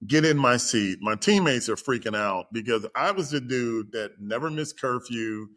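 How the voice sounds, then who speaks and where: A man telling a personal story in a casual chat, acting out the people he quotes with lively shifts in voice. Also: mid-range voice, normal speed. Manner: animated, acts out quoted voices. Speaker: guest storyteller.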